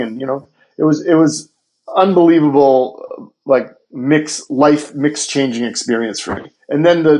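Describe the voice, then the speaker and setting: A man, a guest music producer, telling lively studio anecdotes in a casual podcast interview. He acts out quoted dialogue and swears freely. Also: medium pitch, rough recording.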